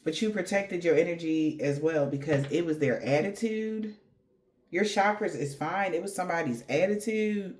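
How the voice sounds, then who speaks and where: A woman's voice: fairly low pitch, normal speed, darkish tone. A woman giving a casual tarot reading, rambling in slangy talk addressed straight to the viewer. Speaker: tarot reader.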